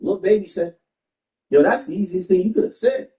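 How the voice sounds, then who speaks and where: Streaming from home, a man chats casually with his viewers while playing, laughing and reading their messages aloud. His high voice swings all over the place at a fairly quick, animated pace, and the room sounds echoey.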